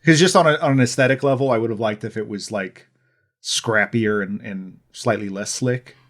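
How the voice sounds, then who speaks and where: A man's voice: on the low side, moderate pace. A man from the American Midwest co-hosting a podcast, talking through a movie in a wry, opinionated way while thinking aloud. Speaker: podcast co-host. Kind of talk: casual film-review chat.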